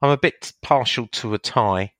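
A man's voice: mid-range voice, normal speed, a bit bright, dry recording. A man hosting a casual radio chat, teasing his co-host and steering the talk along. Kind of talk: casual banter.

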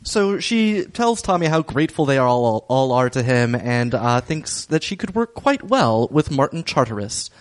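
A podcast co-host who recaps the plot in a slow, hesitant, dry way, with pauses and fillers. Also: mid-range voice, very animated. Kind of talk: casual recap.

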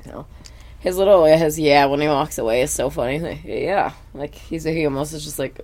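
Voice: mid-range voice, moderate pace. Blunt, swearing podcast host. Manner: blunt, animated, heavy swearing. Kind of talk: casual chat recapping a cartoon.

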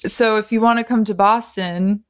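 A young woman from Massachusetts hosting a casual podcast chat, bubbly and quick to laugh. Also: mid-range voice, steady tone, clean tone, dry recording, studio quality. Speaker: podcast host.

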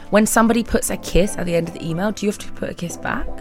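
A giggly woman answers questions in a loose, chatty way. Her pitch leaps around, and she keeps breaking into laughter and quick put-on voices. Soft music plays faintly behind her. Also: lively intonation. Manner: bubbly, laughs often, acts out little voices. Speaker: interview guest, model. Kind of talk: casual chat answering questions.

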